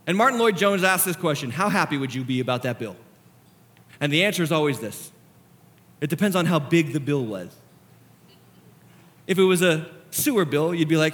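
Pastor guy preaching hard, high voice, goes quiet then loud. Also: a little fast. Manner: impassioned, swinging from hushed to shouting. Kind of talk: sermon.

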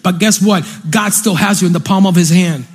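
Man, preacher, high voice, husky, fervent, repetitive, faint music behind. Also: fairly quick. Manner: fervent, repetitive, bursts into sung and shouted lines. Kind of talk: sermon. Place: church stage.

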